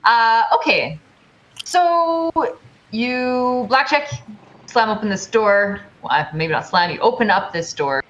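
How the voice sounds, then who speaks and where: A woman narrating a tabletop game as game master, describing scenes in halting phrases full of fillers. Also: on the high side, lively intonation, a bit bright, reverberant, dull audio.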